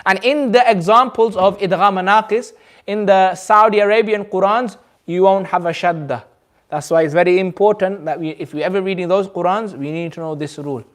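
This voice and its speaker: In a high voice at normal speed, a man conducts a Quran recitation lesson at a community centre, patiently quizzing learners and sounding out the recitation for them.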